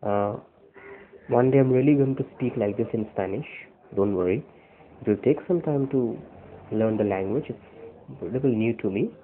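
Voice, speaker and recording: Tender man, tinny phone-like recording. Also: medium pitch. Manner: tender, earnest, halting with restarts. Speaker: boyfriend recording a love message. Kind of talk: personal video message.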